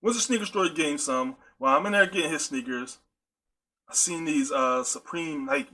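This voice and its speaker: A man's voice: a little high, fairly quick, bright, forceful tone. A man hosting a podcast, speaking in a casual, chatty monologue that addresses his listeners directly and often repeats himself with playful asides. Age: adult with a high-school-age nephew. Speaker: podcast host.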